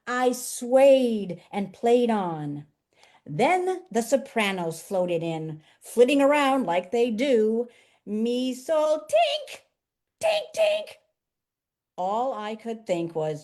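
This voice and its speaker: A woman's voice: on the high side, a little mellow. A woman voicing a sweet old male rehearsal piano with a Brooklyn accent, reading a grateful poem written as a letter.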